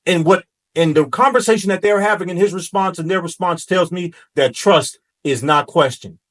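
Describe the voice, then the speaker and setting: A man hosting a reaction commentary, talking in a preachy, emphatic way that rises to shouts. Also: high voice, moderate pace. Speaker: commentary host.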